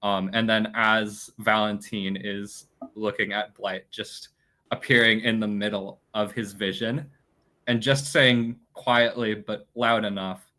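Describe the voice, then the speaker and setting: A man describing his character's actions as a player in a tabletop game, halting and casual with many fillers. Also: lowish voice, little pitch movement, sharp tone.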